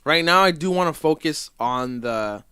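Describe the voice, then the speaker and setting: A man's voice: fairly high pitch, lively intonation, normal speed, pushed and bright, smooth, no echo, studio quality. A man chatting casually as a podcast guest, rambling loosely with lots of fillers.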